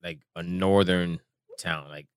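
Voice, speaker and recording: A man co-hosting a casual podcast, laid-back and halting, often repeating words as he talks. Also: low voice, fairly even intonation, smooth, no room sound, clean studio sound. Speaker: podcast co-host. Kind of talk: casual chat.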